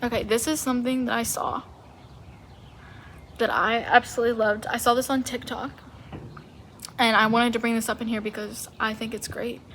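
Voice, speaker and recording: A woman's voice: a little high, steady tone, normal speed, long pauses, fairly bright tone, a little hiss or hum. A woman hosting a solo podcast, talking in a casual, emphatic and opinionated way. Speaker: podcast host.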